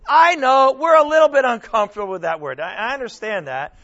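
A very high-pitched, slightly bright male voice moves briskly through a Bible study lesson. The preacher teaches scripture, questions the group, and repeatedly restarts, heard through dull lo-fi audio.

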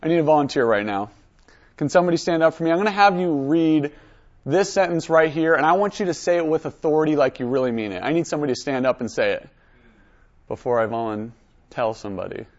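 An energetic man leads a high school Bible lesson, urging students to stand and read. His voice sits fairly high, and the recording sounds a little dull. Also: fast talker. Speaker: teacher.

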